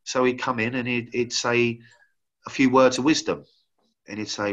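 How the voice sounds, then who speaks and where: A middle-aged former footballer telling rambling anecdotes in casual chat, full of "you know" fillers. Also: male voice, fairly low pitch, level tone, moderate pace, fairly bright tone, muffled recording.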